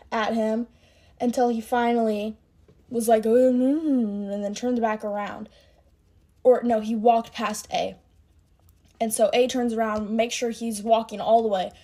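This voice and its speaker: A woman's voice: a little high, warm tone. Chatty young woman telling a storytime. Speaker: content creator. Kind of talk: get-ready-with-me storytime.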